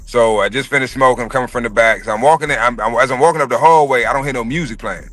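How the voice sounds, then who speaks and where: A man in his thirties telling a personal story in casual chat, profane and animated. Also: mid-range voice, rapid-fire, dry recording. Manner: profane, animated storytelling, acts out quoted voices.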